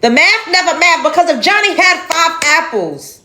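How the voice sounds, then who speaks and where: A woman's voice: very high voice, sing-song, moderate pace, bright, forceful tone. A woman giving an emphatic, indignant reaction commentary on a video clip, with exasperated sighs.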